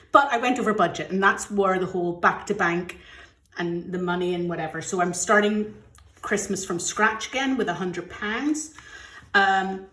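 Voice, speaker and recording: A woman's voice: on the low side, a bit bright. Middle-aged uk woman chatting and counting cash at home, open and a bit emotional, echoey room. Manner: chatty, candid, gets emotional. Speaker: budgeting vlogger. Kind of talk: casual chat while counting cash.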